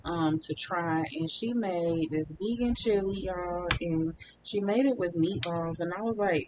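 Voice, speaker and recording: A woman vlogger chatting casually to her viewers about her recovery, with lots of um's and y'all's. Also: normal speed. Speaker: vlogger documenting her weight-loss surgery recovery. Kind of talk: casual chat to camera. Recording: steady rumbling background noise.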